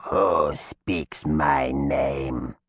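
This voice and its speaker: Brief: male reader voicing a hungry undead hag from a storybook, croaking, very low and husky, slow menacing drawl. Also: no echo, clean studio sound, exaggerated voice. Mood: suspicious, drawling. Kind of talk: audiobook character voice.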